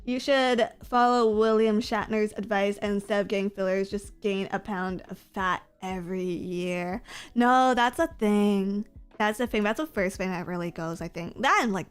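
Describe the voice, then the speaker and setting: A woman's voice: medium pitch, clean tone. A woman VTuber streamer chatting casually with her viewers, playful and self-mocking, often breaking into giggles. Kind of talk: casual stream chat reading comments.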